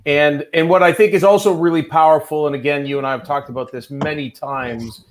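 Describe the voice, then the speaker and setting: A man's voice: fairly high pitch, steady tone, fairly quick, slight background noise, low-quality recording. Earnest male talk show co-host. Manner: earnest, builds points with "you know". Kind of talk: casual live show talk.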